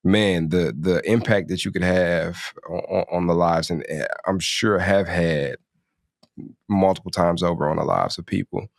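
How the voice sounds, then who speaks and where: A man co-hosting a casual podcast, speaking slowly, thoughtfully and sincerely. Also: sits low, fairly even intonation, vocal fry, no room sound, studio quality. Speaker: podcast co-host. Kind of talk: casual interview talk.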